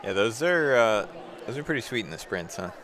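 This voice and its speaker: A man giving casual live commentary on a track meet, thinking out loud and laughing with his co-hosts. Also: on the low side, a little fast, background noise. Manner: animated, laughs easily, thinks out loud with fillers.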